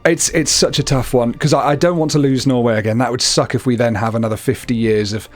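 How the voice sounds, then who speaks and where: A man's voice: medium pitch, steady tone, fast talker, faint music behind. Laid-back man reading out game events. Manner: reads game text aloud, laid-back and joking. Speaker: co-op gamer, channel host. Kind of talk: casual gameplay chat.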